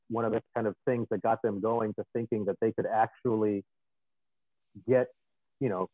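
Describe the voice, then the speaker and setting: A man's voice: fairly low pitch, no room sound. Thoughtful man on a tinny line. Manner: thoughtful, halting with restarts. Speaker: filmmaker. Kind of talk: casual panel talk. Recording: tinny dry phone-like line.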